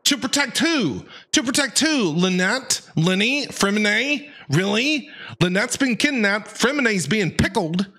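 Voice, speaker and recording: A man streaming a game, reacting with loud, exasperated, incredulous commentary. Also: sits high, lively intonation, unhurried. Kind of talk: excited gameplay commentary.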